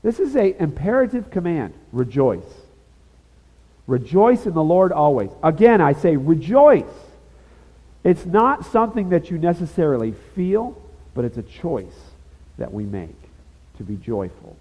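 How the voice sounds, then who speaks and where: A man's voice: on the high side, sing-song, a little slow. A man preaching a sermon in a conversational, emphatic way, with casual asides to his listeners. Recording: dull lo-fi sound with long reverb.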